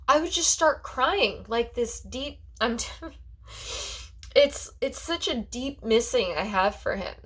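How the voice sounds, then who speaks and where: A woman's voice: medium pitch, a bit bright. A woman talking as a psychic in a personal vlog monologue. She rambles in a heartfelt way and fills her talk with "like" and restarts.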